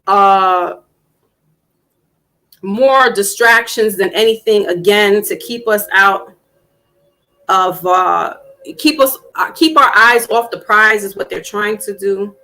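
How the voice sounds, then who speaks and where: A woman hosting a casual live-stream panel, chatting loosely with plenty of fillers and restarts and getting animated when she tells a story. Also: mid-range voice, takes it slowly, long pauses, poor audio. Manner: animated when telling stories.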